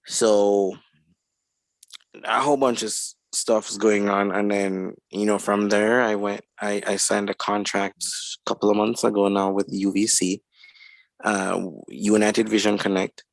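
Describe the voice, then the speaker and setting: A man in his twenties, a guest musician, telling his story in a rambling, unhurried way on a podcast interview. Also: lowish voice, level tone, no echo.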